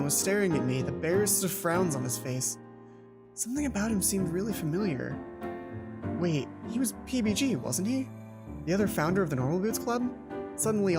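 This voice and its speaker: A man's voice: sits high, expressive, moderate pace, music in the background. A man hosting a let's play, reading the game's text aloud and breaking off into stumbling asides. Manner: stumbling self-interrupting asides, restarts.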